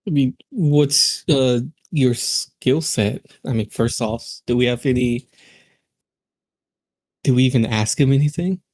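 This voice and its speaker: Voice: mid-range voice, a little slow, a little mellow, no echo. A player at a tabletop game who asks questions hesitantly. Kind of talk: tabletop role-play chat.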